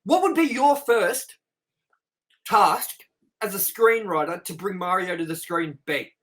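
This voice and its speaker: Co-host, casual review chat, exasperated and profane, bright edgy tone. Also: mid-range voice, measured pace. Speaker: co-host of a movie review show.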